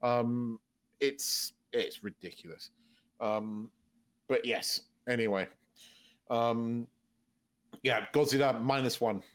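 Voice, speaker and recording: A man co-hosting a podcast in casual chat, talking in an animated, sweary way and laughing often. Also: mid-range voice, slow, pauses often. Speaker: podcast co-host.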